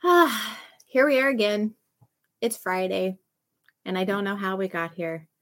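A woman's voice: medium pitch, a little slow. A middle-aged woman hosting a casual devotional livestream, chatty and enthusiastic, greeting viewers by name. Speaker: ministry host of a live devotional.

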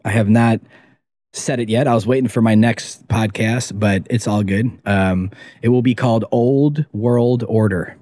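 A man's voice: fairly low pitch, fairly even intonation, unhurried, dark tone, no echo, clean studio sound. A man who makes documentaries, a guest on a casual podcast interview, talking in an emphatic, rambling way and swearing freely.

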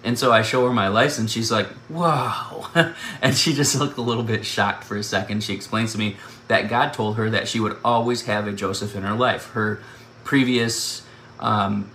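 Bright-voiced man telling a lively story. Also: fairly low pitch. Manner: laughs often while telling the story. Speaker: speaker sharing a personal testimony. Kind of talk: animated personal storytelling. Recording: echoey room with faint background noise.

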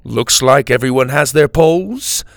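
A man voicing a hearty, round man who calmly teaches fishing, in a storybook reading. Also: medium pitch, unhurried, vocal fry, dry recording, studio quality. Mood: instructive. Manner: steady instructive. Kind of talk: storybook read-aloud.

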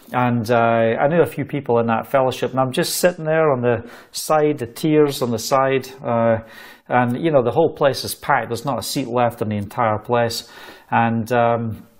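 Scottish man telling a testimony. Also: mid-range voice. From Scotland. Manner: animated, laughs between phrases, fillers. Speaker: travelling preacher. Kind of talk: testimony storytelling.

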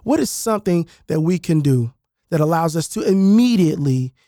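Fields: Sex: man. Role: podcast host and author. Style: casual storytelling monologue. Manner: animated, rambling, full of fillers. Sound: dry, close-mic'd. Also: a little high, moderate pace, no echo. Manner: animated, conversational, many fillers and restarts.

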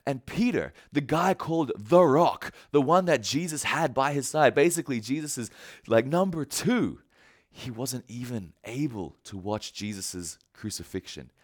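Animated, casual preacher man. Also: medium pitch, normal speed, no room sound, studio quality. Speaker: pastor. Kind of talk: sermon.

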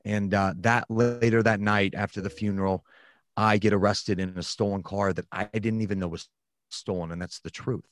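A man's voice: lowish voice, steady tone, moderate pace, dry recording, studio quality. A man frankly recounting a personal story in conversation. He talks reflectively and often restarts his sentences.

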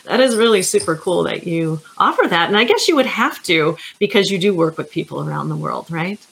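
A woman's voice: on the low side, big pitch swings, fairly quick, gravelly, fairly bright tone. A woman hosting a podcast as a counselor, chatty and friendly as she interviews a guest.

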